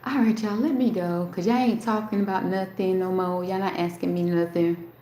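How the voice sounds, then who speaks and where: A woman's voice: fairly low pitch, steady tone, moderate pace, dark tone, slight background noise. A woman hosting a casual live stream, rambling and talking straight to her chat, swearing freely. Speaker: livestream host. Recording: roomy echo.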